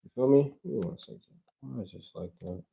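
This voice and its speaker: Slangy man preaching, gravelly voice. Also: mid-range voice, a little fast, mellow. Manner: conversational, slangy, reads scripture then riffs. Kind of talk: casual Bible teaching. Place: indoors, filming himself on camera. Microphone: camera mic. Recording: roomy echo.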